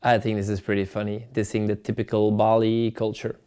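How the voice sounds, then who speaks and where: A man's voice: fairly low pitch, monotone, a little fast, warm tone, clear, resonant tone. A man hosting a show, reading viewers' dating chats aloud and commenting with wry, teasing humor. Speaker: host rating viewers' dating texts. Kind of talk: playful commentary reading chat messages aloud.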